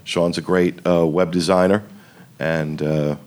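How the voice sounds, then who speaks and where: Deep, flat-voiced man introducing a guest. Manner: halting, with many fillers. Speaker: podcast host. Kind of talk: live podcast introduction. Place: theater on a cruise ship.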